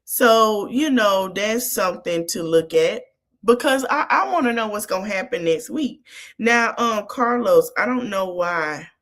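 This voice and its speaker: A woman hosting a podcast, retelling a reality TV episode in a chatty, animated way with sassy asides. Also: mid-range voice, a little slow. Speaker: podcast host. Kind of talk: casual reality TV recap.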